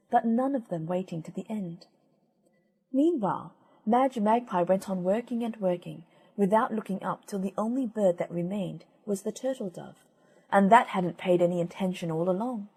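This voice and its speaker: A woman reading old fairy tales aloud as an audiobook narrator, gentle and measured. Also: mid-range voice, husky. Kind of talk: storybook reading.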